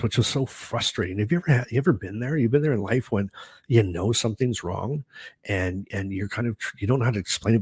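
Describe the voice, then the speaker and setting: A man's voice: fairly low pitch, a little mellow, slightly rough, dry recording. A middle-aged man hosting his own video, telling a personal story in a rambling, chatty way full of fillers and restarts. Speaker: host.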